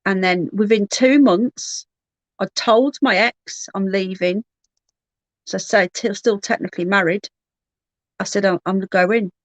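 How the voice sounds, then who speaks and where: A middle-aged woman talks candidly on her own livestream, often restarting her sentences. She sits close to the mic in a dry room with no echo, and her pitch sits right in the middle of the range. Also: steady tone, measured pace. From Birmingham, England. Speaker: livestream host. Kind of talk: casual livestream chat, reading comments.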